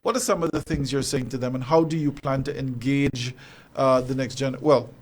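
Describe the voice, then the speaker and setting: A man's voice: medium pitch, steady tone, normal speed. A male radio host interviewing guests in the studio, often hesitating and repeating his words while he encourages them.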